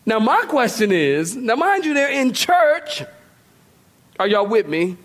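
A man's voice: extremely high pitch, big pitch swings, unhurried. A male pastor preaching a sermon in a loose, conversational way, joking with the congregation.

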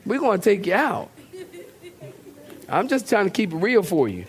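A man's voice: high voice, sing-song, normal speed, breathy edge. A male pastor preaching a sermon in a loose, conversational way, joking with the congregation.

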